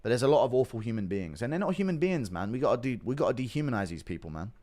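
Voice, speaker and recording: Brit male streamer, lively up-and-down delivery, loose and profane, thanks donors between rants. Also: mid-range voice, rapid-fire. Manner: animated, swears casually, reads donations aloud. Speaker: livestreamer reading chat. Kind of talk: casual livestream chat.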